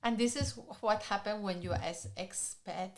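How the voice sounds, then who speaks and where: A woman, co-hosting a podcast and speaking English haltingly as she searches for words. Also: medium pitch. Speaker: podcast co-host. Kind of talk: casual conversation.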